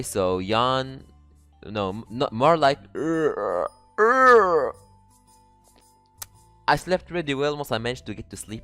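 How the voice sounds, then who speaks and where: A man playing a dating game, reading its text aloud and breaking into excitable, profane jokes. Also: mid-range voice. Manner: excitable, swearing, jokey. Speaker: let's player.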